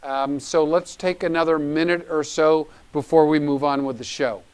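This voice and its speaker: A man's voice: fairly high pitch, steady tone, moderate pace, darkish tone, smooth. A man hosting a live charity auction, upbeat and urging people to bid. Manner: upbeat, pushes for bids. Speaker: gala auction host.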